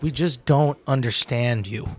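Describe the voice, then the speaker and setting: A man's voice: medium pitch, unhurried, dry recording. An American man, a comedian guest on a podcast, talking casually and animatedly, with lots of fillers and swearing. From United States.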